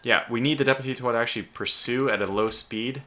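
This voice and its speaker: A man's voice: mid-range voice, quick pace, sharp tone. A man doing gameplay commentary, thinking aloud with stumbling restarts and sudden exclamations, keyboard clicks behind him. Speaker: let's play host.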